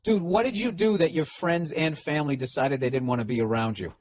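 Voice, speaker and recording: A man's voice: a little high, a little fast, a little hiss or hum. A man with a Boston accent hosting a podcast, reading listener mail aloud and mocking it with sarcastic, profane, incredulous remarks. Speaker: podcast host.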